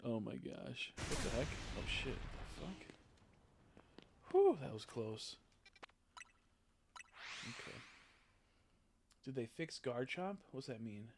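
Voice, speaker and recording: A man's voice: medium pitch, vocal fry, slight background noise. Chatty swearing male game streamer. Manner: chatty and rambling, swears often, quick excited reactions. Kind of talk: casual live-stream commentary while playing.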